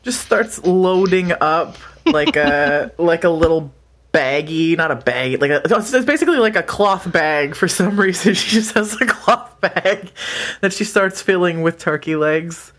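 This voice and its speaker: A woman's voice: lowish voice, a little slow. A woman playing a tabletop game, giggling as she describes what her character does. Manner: giggly, animated. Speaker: player. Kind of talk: casual tabletop play narration.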